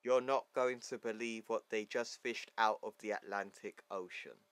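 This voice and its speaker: A man's voice: fairly low pitch, fairly even intonation, normal speed, a bit bright, clear, resonant tone, dry recording, close to an everyday voice. A man voicing a curt male general, reading his commanding lines from a comic in a brusque way.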